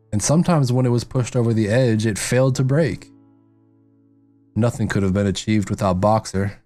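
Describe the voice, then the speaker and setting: A man hosting a podcast, reading a novel aloud at a measured pace and breaking off for loose, profane comments. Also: mid-range voice, darkish tone. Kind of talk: book reading with casual commentary.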